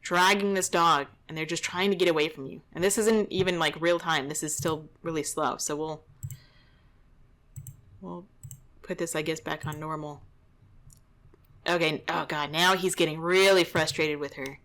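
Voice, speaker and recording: A woman's voice: sits low, fairly even intonation, moderate pace, long pauses, fairly bright tone. A young adult woman, a dog trainer, giving indignant, exasperated running commentary over a training video.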